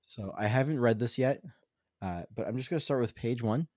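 A man co-hosting a casual podcast, reading dad jokes aloud in a halting, wry way. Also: medium pitch, darkish tone, no echo, clean studio sound. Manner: halting, self-interrupting, wry. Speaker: podcast co-host.

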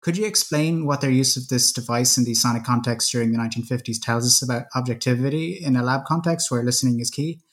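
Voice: mid-range voice, fast talker, few pauses. An interviewer posing long, carefully built academic questions.

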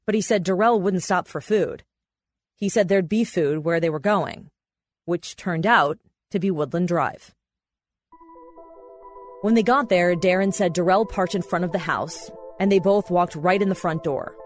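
A woman reporter and podcast host, telling a court story in measured, matter-of-fact scripted narration. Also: lowish voice, soft background music.

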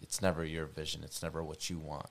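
A young man in his twenties, a podcast guest, telling a story in a casual, animated and profane way. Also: extremely low pitch, quick pace.

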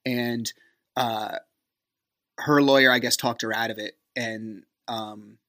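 A man hosting a podcast, telling a personal story in a casual, conversational way. He fills his talk with fillers, sounds wry and exasperated, and acts out quoted dialogue with big jumps in pitch. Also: steady tone, slow, sharp tone. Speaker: podcast host.

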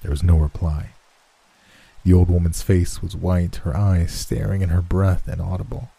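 A man narrating a horror story in a slow, somber storytelling manner. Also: low-pitched, fairly even intonation, vocal fry, dark tone, husky. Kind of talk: scripted horror story reading.

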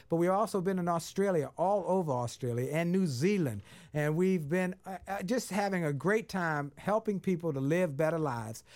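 A man's voice: fairly high pitch, a little mellow. A man hosting a talk show, upbeat and laughing easily with his guest. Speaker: show host.

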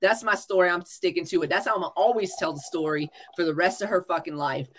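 A woman's voice: fairly low pitch, steady tone, fast, fairly bright tone, a little hiss or hum. A young woman telling a story in a casual podcast chat, blunt and full of profanity. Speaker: podcast co-host.

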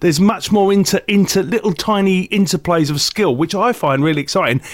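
A man co-hosting a casual chat podcast, airing opinions in an animated, rambling way with stammered restarts and laughter. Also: high-pitched, a little fast, no room sound, clean studio sound. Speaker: podcast co-host.

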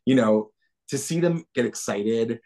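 Man, interview guest, casual chat, enthusiastic, restarts, middle pitch. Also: unhurried. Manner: warm, enthusiastic, reflective with many restarts. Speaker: puppeteer guest.

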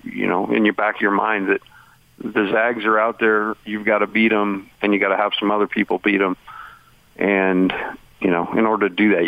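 A man's voice: fairly low pitch, creaky, no echo. Man talking sports over a phone line. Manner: rambling, heavy on "you know" fillers. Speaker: basketball analyst, former coach. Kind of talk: sports radio chat.

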